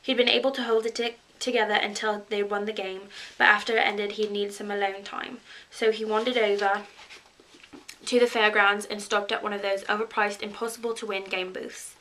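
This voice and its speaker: Bright woman in a put-on British accent. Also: medium pitch, level tone, moderate pace, slight background noise, low-quality recording. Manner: chatty and giggly, self-mocking. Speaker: vlogger. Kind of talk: reading a novel aloud on camera.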